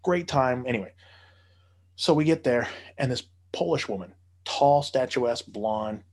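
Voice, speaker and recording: A man's voice: medium pitch, expressive, unhurried, darkish tone. A man telling a long story in casual podcast chat, profane and rambling with many fillers.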